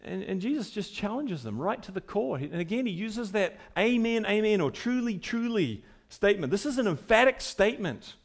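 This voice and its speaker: A pastor preaching a sermon to his congregation, emphatic, his voice swinging between loud and quiet. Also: big pitch swings, moderate pace, hardly any pauses. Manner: emphatic preaching with wide swings in pitch and loudness.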